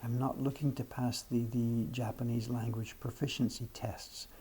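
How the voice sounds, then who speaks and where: A man's voice: mid-range voice, little pitch movement, normal speed, mellow, a little hiss or hum. A man in his seventies chatting casually on his livestream, frank and self-deprecating as he answers viewers' questions. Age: 70s. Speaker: livestream host.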